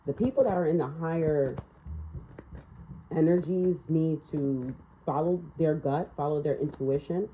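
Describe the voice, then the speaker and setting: A woman's voice: a little slow, slight background noise. A woman giving a casual tarot reading, blunt and profane, ranting and laughing as she talks. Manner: animated, swinging up and down in pitch. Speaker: tarot reader. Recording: slightly dull, lo-fi sound.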